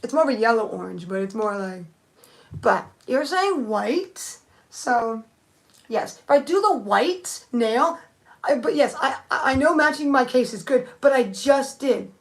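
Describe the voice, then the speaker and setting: A woman's voice: a little high, animated, measured pace. A young woman thinking aloud in a rambling, casual live-stream chat, answering viewers with many restarts. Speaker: nail art streamer.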